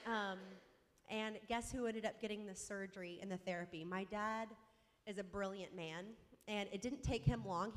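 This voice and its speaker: A mother telling a personal faith story in an animated, self-mocking way, acting out the dialogue. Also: mid-range voice. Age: adult mother. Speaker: speaker sharing a faith story. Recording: long hall reverb.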